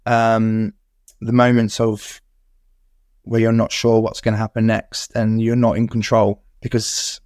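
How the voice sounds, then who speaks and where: Co-host, man with a low, even, unhurried voice, level-headed, dry close sound. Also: no echo. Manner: calm, flat, level-headed. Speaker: podcast co-host. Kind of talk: casual chat.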